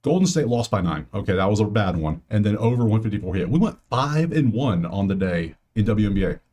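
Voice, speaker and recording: A man's voice: on the low side, animated, a little fast, darkish tone. A man hosting a sports betting video, chatting casually through stats and picks and muttering asides to himself. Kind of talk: casual solo commentary over a spreadsheet.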